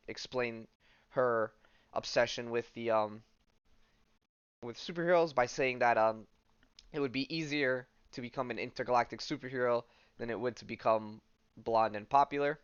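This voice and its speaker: A man of mid pitch talks casually as a podcast host, wandering through a comic book recap with plenty of fillers. His voice is smooth and clear. The recording is dry, with a muffled, lo-fi edge. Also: no room sound. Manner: rambling, loose delivery full of fillers.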